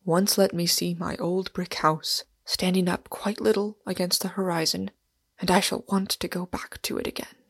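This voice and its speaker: A woman reading the lines of a huge, earnest, wistful Englishman in an audiobook, in a soft, confiding manner. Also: medium pitch, fairly even intonation, unhurried, creaky, no echo, clean studio sound.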